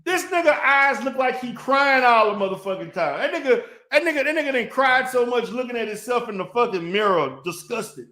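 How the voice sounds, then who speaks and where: A man's voice: extremely high pitch, expressive, fairly quick, few pauses, pushed and bright. A man ranting in a response video, profane and mocking, heated and insulting. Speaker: online commentator. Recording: echoey room.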